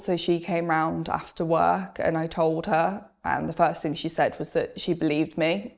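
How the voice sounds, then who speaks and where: Woman, lowish voice, candid and reflective, telling her own story in an interview. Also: darkish tone. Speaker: former Jehovah's Witness recounting her experience. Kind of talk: personal testimony interview.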